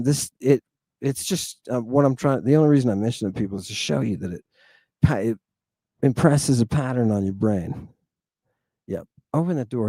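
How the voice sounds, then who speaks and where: A man teaching a lesson in a casual, animated way, often asking "right?" and calling his listeners "people". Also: medium pitch, no echo. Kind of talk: informal lesson.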